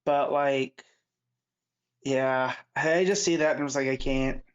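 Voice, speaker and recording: A man's voice: medium pitch, fairly even intonation, measured pace, clear, resonant tone, lo-fi sound. A man co-hosting a podcast, mostly giving short, wry replies. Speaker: podcast co-host.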